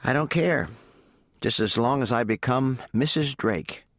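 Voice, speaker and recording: A man voicing a tender, emotional young woman in a soft, raised voice for an audiobook. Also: medium pitch, measured pace, dry recording, clean studio sound, voice pushed up. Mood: happy.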